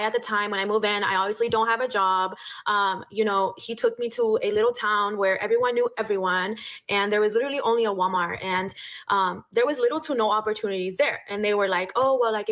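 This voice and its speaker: A woman's voice: medium pitch, a bit bright. A young woman telling a casual storytime, blunt and profane, dropping Spanish phrases into her speech.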